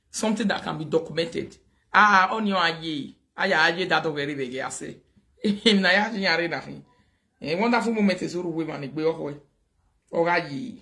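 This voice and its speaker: Nigerian man, lively show host, high-pitched, bright tone, casual chatter. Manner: animated, mixes Pidgin and Yoruba, laughs often. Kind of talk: casual live-show commentary.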